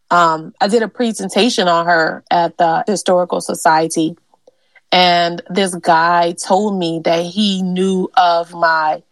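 A woman's voice: mid-range voice, no room sound. A woman from Louisiana, a genealogist and interview guest, telling family stories in an earnest, conversational way with lots of fillers. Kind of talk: personal storytelling in an interview.

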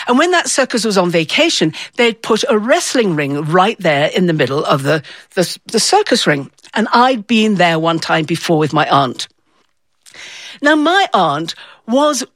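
A woman's voice: medium pitch, a bit bright, dry recording. A woman telling a personal story to an audience, acting out the voices of the people in it. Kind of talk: live storytelling performance.

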